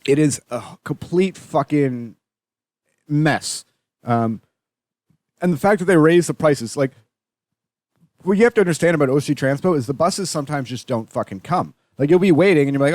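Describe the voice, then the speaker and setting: A man's voice: on the high side, lively intonation, moderate pace, a little mellow, no room sound, clean studio sound. A man hosting a solo podcast, ranting and swearing constantly in a rambling way full of fillers and restarts. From Canada. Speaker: podcast host.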